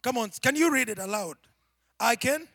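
A man preaching a sermon to his church, swinging from shouted climaxes to hushed, near-whispered asides. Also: very high-pitched, animated, moderate pace, no echo, studio quality.

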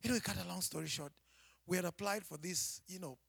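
A man with a Kenyan accent, a preacher giving a personal testimony with dramatic storytelling that swings from hushed to shouting. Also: high voice, quick pace, gravelly, breathy edge, no echo, studio quality.

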